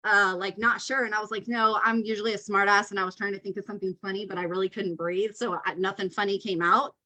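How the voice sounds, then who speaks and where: A woman's voice: mid-range voice, pushed and bright, low-quality recording. A middle-aged woman co-hosting a casual chat over a video call, telling a story with many fillers and dry jokes. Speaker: podcast co-host.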